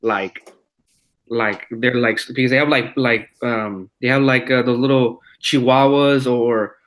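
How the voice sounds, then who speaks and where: Halting man full of filler words. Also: mid-range voice, steady tone, fairly bright tone. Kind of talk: casual chat.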